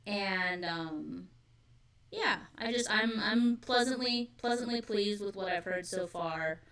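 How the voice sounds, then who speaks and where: A woman's voice: medium pitch, slow pace, fairly bright tone, recorded from a distance. A woman co-hosting a fan discussion stream, talking enthusiastically with lots of fillers. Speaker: podcast co-host.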